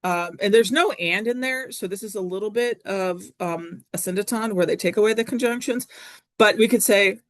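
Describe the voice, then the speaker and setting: A woman's voice: mid-range voice, normal speed, no echo. A woman leads a recorded Latin lesson in an easygoing, chatty manner, stopping often with fillers and corrections. Her voice sits in a middle range and is captured close and dry. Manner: chatty, self-correcting, frequent ums. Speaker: Latin teacher.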